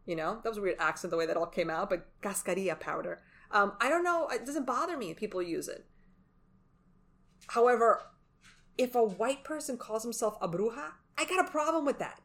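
A woman co-hosting a casual podcast conversation. She talks emphatically, and her voice leaps up in pitch when she makes a point. She sounds animated and opinionated. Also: fairly quick. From Latin American heritage. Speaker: podcast co-host. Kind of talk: casual chat.

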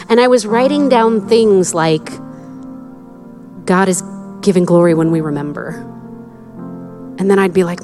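A young adult woman preaching a sermon in a conversational, candid way, with quick asides. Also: fairly low pitch, darkish tone, soft background music. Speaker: pastor.

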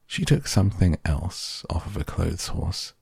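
Very deep, husky storybook narrator. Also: male voice, sing-song, measured pace, a little mellow, dry recording. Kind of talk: storybook reading.

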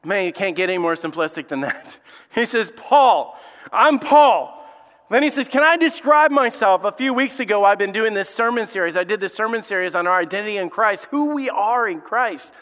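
A man's voice: high-pitched, fairly quick, sharp tone, big-room sound. A man preaching a sermon as lead pastor, emphatic and repeating his key lines.

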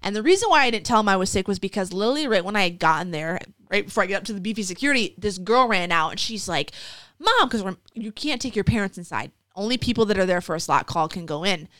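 A young woman is a guest in an interview and tells her story in a lively, chatty way. She acts out other people's voices and fills her talk with "like". The recording is dry and close, with no room echo. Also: mid-range voice, fast, few pauses. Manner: lively, acts out quoted voices, many "like" fillers. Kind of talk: casual storytelling.

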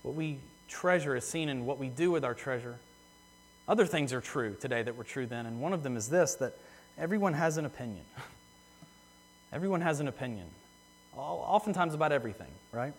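A man preaching a sermon in earnest, repeating phrases for emphasis and slowing down on key words. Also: mid-range voice, lively intonation, breathy edge. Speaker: pastor. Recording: long hall reverb.

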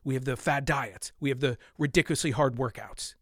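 A man's voice: mid-range voice, a little fast, a bit bright, no room sound, studio quality. A man hosting a podcast, delivering a heated, exasperated solo rant with sighs and muttered asides. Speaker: podcast host.

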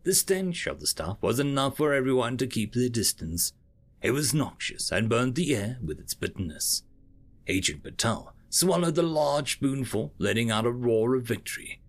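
Man, storyteller, sci-fi reading, expressive, gravelly, lively pitch. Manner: expressive, measured narration.

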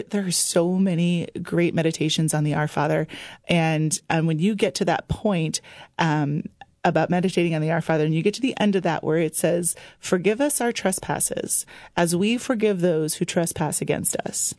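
A middle-aged woman who is a guest on a faith-based radio talk show, speaking in a chatty, warm way and laughing often. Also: fairly low pitch, no echo, clean studio sound. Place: radio studio.

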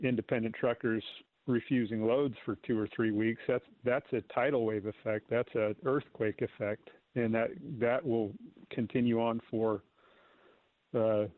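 A man's voice: mid-range voice, no room sound. A man calling in to a radio show, rambling and wry, with lots of fillers and restarts. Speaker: caller. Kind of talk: call-in radio talk. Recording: dry, tinny phone line.

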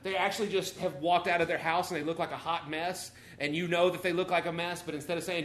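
Male preacher, animated and chatty, slightly high, bright voice, echoey room. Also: a little fast, few pauses. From Texas or Arkansas, USA. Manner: animated, conversational, rising and falling in volume. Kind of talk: sermon.

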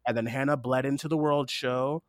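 A man's voice: medium pitch, steady tone, a little fast, no echo, clean studio sound. A man hosting a podcast in casual chat, rambling and earnest, swearing now and then, teary-eyed while speaking into a desktop mic. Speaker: podcast host.

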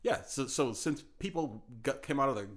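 Man co-host, mid-pitched, loose and jokey, quick to disbelief, rambles and restarts. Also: expressive, fairly bright tone. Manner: incredulous, joking, rambling with restarts. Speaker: podcast co-host. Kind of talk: casual chat.

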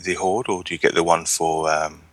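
Wry deep-voiced man chatting. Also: steady tone, moderate pace, fairly bright tone, no room sound. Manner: chatty, wry, rambling with restarts. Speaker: podcast co-host. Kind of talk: casual chat.

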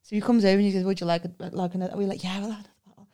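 A woman with a Liverpool accent, co-hosting a podcast and telling lively stories in casual chat. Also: mid-range voice, racing. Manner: animated storyteller who acts out voices. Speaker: podcast co-host.

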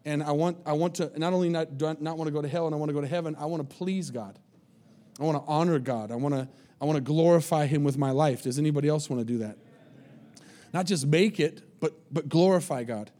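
A male pastor delivers a sermon in an earnest, pleading way, stumbling over repeated words as he presses his point. His voice sits a little high for a man, yet its tone is mellow and dark. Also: fast talker.

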